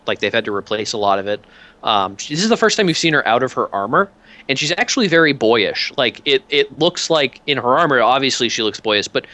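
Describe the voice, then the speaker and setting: A man with a mid-range voice and a sharp tone narrates as a game master. He describes scenes loosely and ramblingly, with lots of fillers and restarts.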